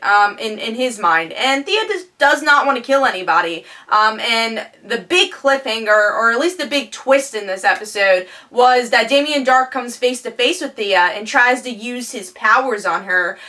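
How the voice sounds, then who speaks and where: A woman talks through a TV episode in a relaxed review. Her voice is bright and a little high, and she keeps hesitating with fillers and restarting her sentences. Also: moderate pace, few pauses. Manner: chatty, many "um" fillers and restarts. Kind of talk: casual spoken TV review.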